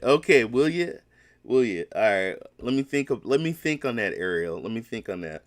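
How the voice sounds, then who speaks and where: A man's voice: on the low side, animated, moderate pace, no room sound, clean studio sound. A man hosting a casual solo gaming podcast, rambling and emphatic, with many restarts.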